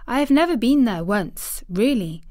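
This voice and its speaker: A woman's voice: a little high, expressive, moderate pace, darkish tone, no echo, clean studio sound, voice pushed up, lightly acted. Mary, a blunt little girl, read by a woman. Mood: eager. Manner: blunt, contrary, eager when describing the moor.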